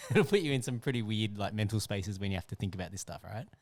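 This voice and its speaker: Relaxed man hosting a podcast. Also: on the low side, fast, dry recording. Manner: relaxed, teasing, backchannels often. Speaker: podcast host. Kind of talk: casual interview chat.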